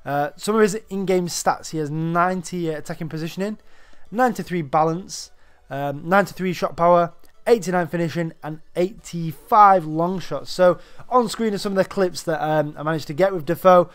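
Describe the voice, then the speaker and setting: A man's voice: high-pitched, brisk, clean tone. A young man, slightly out of breath, rambling casually through a video game player review with lots of ums. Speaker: gaming YouTuber.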